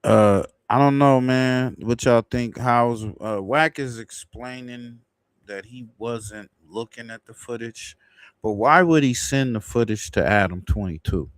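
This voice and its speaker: A man's voice: medium pitch, unhurried, clear, resonant tone, no room sound. A man hosting a livestream, commenting casually in a loose, rambling way and laughing at his own jokes. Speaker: livestream host.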